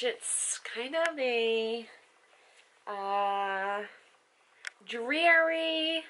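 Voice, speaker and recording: A woman's voice: on the high side, fairly bright tone. A young woman talking casually to her vlog camera at home and cooing at her baby son. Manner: chatty, coos and baby-talks to her son. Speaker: vlogger and mother. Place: home, indoors.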